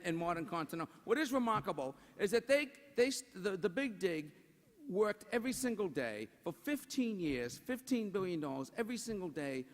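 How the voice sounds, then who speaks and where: A man's voice: high voice, a bit bright. A man doing a roast comedy routine in a large banquet hall, joking and tossing rhetorical asides to the crowd. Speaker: roast speaker. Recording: long hall reverb.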